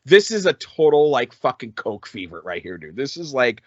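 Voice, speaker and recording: A middle-aged man co-hosting a comedy album review podcast, animated and profane, often laughing as he tells stories. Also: medium pitch, moderate pace, dry recording, dull audio. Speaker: podcast co-host.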